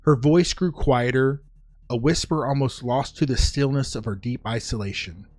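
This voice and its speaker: A man reading a dark short story aloud in a solemn, measured way. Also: medium pitch, dry recording. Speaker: narrator. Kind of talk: scripted story narration.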